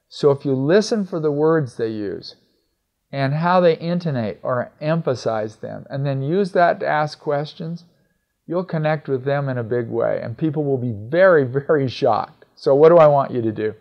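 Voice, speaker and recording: A middle-aged man with a slightly high, gravelly, somewhat mellow voice gives a conversational instructional talk on communication skills, frequently acting out snippets of dialogue. The recording is lo-fi and a bit dull.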